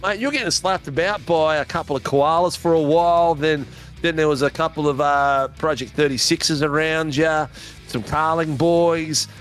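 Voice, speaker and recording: A man's voice: on the high side, moderate pace, fairly bright tone. Australian man, race broadcast host, matey banter, light music underneath. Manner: jokey, laughing, matey banter. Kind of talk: post-race interviews.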